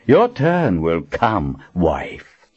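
A man's voice: deep voice, wildly swooping pitch, very slow, breathy edge, dull audio, full character voice. A man voicing a taunting, cruel villain. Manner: cold, taunting. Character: cruel, menacing male torturer, smug villain.

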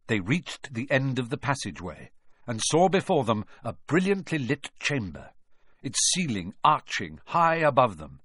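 A man's voice: medium pitch, sing-song, normal speed, a bit bright, slightly rough, no room sound, studio quality. Man narrating a storybook expressively. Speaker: audiobook narrator. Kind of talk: storybook reading.

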